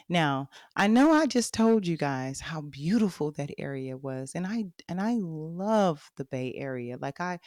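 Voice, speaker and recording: A woman's voice: sits low, dry recording, clean studio sound. A woman in her thirties with a Texan accent, hosting a podcast and telling her life story candidly, speaking straight to her listeners. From Texas. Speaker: podcast host. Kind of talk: personal storytelling monologue.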